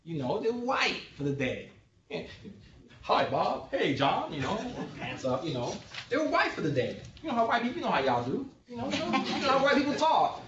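A man with a fairly high, very lively voice delivers a joking, conversational lecture, checking in with the audience now and then. He sounds distant and dull, as if picked up from across an echoey room. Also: a little fast. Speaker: sociologist giving a presentation.

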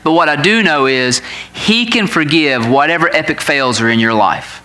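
A man in his forties, a pastor, telling a family story in a sermon in an animated way, laughing at his own tale. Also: a little high, normal speed.

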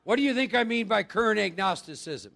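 A man's voice: sits high, animated, fairly quick, vocal fry, a bit bright. A man speaking at a live recovery workshop, chatty and quizzing his audience with rhetorical questions.

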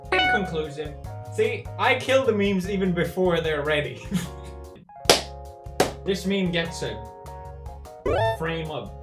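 A man hosting a comedic meme-rating show, goofy and animated, swinging from mumbling to shouting. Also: a little high. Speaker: YouTuber host.

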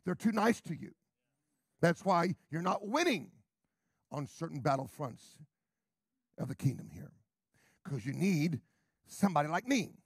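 A middle-aged American man, a pastor, preaching a brash, sarcastic sermon that swings from quiet asides to shouts. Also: fairly high pitch, animated, unhurried, pauses often, breathy edge, no echo, studio quality. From United States.

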